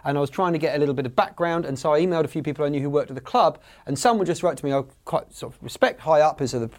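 Dude rattling off a story super quick on a comedy panel, a bit high. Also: male voice. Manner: rambling, chatty storytelling with restarts. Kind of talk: telling an anecdote on a panel show.

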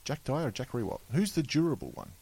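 An Australian man runs a casual quiz panel, reading out questions with frequent ums and uhs and easy laughter. His voice sits at a middle pitch, and it is recorded dry and close. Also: huge pitch swings, quick pace, creaky, dark tone, husky, no echo, rough recording. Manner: laughs often, reads questions with fillers. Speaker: quiz host. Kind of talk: casual podcast quiz hosting.

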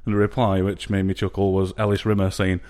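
A young man with a Sheffield accent talks in a dry, matter-of-fact way on a casual podcast. His voice is on the low side, and he laughs at his own anecdotes. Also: little pitch movement, fast talker, darkish tone. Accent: Sheffield English. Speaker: podcast co-host. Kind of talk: casual chat.

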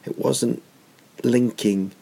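A man's voice: mid-range voice, steady tone, takes it slowly, gravelly, dark tone. A middle-aged comedian hosting his podcast alone, telling meandering, self-mocking stories that drift into tangents. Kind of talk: rambling comic storytelling monologue.

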